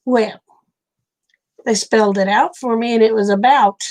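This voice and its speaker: A woman's voice: a little high, fairly even intonation, moderate pace, a little mellow. A woman with an Oklahoma accent, chatting casually with viewers and telling folksy stories. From Oklahoma, USA. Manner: folksy storytelling, laughs often. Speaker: livestream host.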